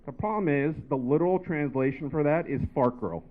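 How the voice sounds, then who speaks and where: A man's voice: a little high, fairly quick, a little hiss or hum. Tinny-sounding man doing stand-up. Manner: rambling, filler-heavy storytelling. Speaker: stand-up comedian. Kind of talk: stand-up set. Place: comedy bar stage. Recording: tinny phone-like live recording.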